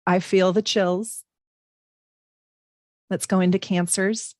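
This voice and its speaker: A middle-aged woman hosting a casual tarot and astrology reading live from home speaks slowly in a mid-range voice with little pitch movement. She chats with viewers, making warm asides and using many fillers. Dry, studio-quality recording.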